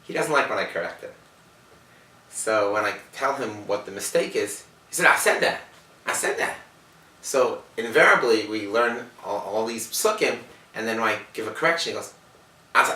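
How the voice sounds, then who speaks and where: A man's voice: medium pitch, expressive, normal speed, bright, forceful tone. A man, a bar mitzvah tutor, telling an amused story about his student. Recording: echoey room, distant mic.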